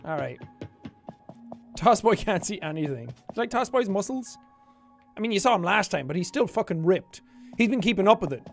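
A man streaming a game and chattering through it, his pitch bouncing all over the place. He jokes, swears and mutters to himself between louder outbursts. Faint game music sits underneath. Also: normal speed, gravelly, pauses often. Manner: animated, jokey, swearing, talks to himself. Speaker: gaming streamer. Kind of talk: let's play commentary.

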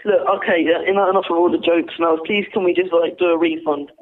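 A man calling from the UK, fed up and pleading for his money back. His voice sits high and strained. The sound is thin and boxed-in, like a phone line. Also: level tone, quick pace. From United Kingdom. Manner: exasperated and pleading. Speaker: prank call target.

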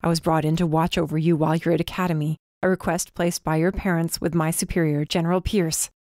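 A woman voicing a guarded, blunt young man who works as an undercover bodyguard, in a low, clipped, stubborn way. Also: little pitch movement, fast, darkish tone, no echo, studio quality, close to an everyday voice. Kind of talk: audiobook character voice.

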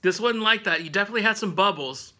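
A man's voice: high-pitched, quick pace, sharp tone. A man hosting a casual snack review vlog at home, rambling with lots of fillers and laughing often.

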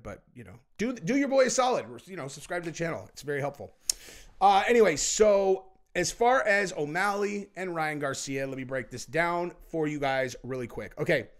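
A man hosting his own show, giving casual opinion commentary in a rambling, emphatic way with frequent restarts. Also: on the high side. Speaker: show host.

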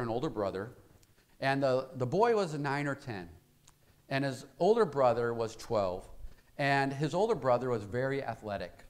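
A male pastor giving a conversational sermon in a church, telling a story and asking the congregation rhetorical questions. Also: mid-range voice.

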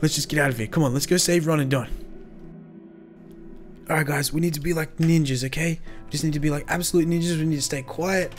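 A man acting out a game role-play as its lead, talking excitably and full of slang like bro and fam. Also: fairly high pitch, quick pace, faint music behind. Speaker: host playing the lead character.

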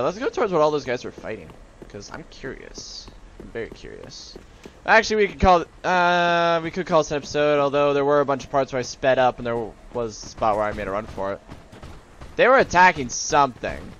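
A man giving live gameplay commentary as a let's-play host, excitable and joking to himself, yelling at enemies. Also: a little high, a little hiss or hum.

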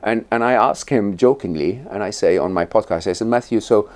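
A man's voice: fairly low pitch, fairly quick, a little mellow. A middle-aged man from Egypt, a podcast guest telling stories and explaining ideas in a conversational interview, with many restarts and check-ins like "right?".

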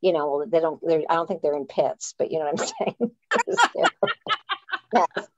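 Here a Canadian playwright and author speaks in a low voice at a moderate pace, storytelling casually on a live chat. Her delivery is animated and self-deprecating, full of restarts, and the recording sounds dull and dry.

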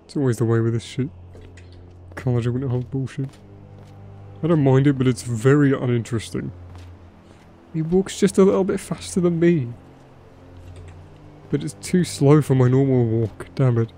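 A man's voice: medium pitch, moderate pace, pauses often, dark tone, slight background noise. A young man casually commenting on his gameplay while streaming, playful and profane.

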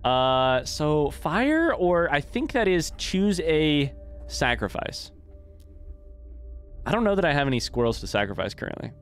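A man's voice: fairly high pitch, big pitch swings, unhurried, clear, resonant tone, faint music behind. A man streaming a video game, thinking aloud in casual commentary and swearing freely. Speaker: let's play streamer.

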